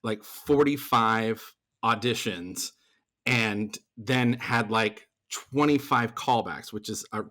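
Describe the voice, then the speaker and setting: A man's voice: lowish voice, slow pace. A man, a theater performer and voice actor, telling a story as a podcast guest in loose, chatty speech. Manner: animated, acts out other people's lines in the story; loose, chatty delivery with fillers and restarts. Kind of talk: conversational storytelling.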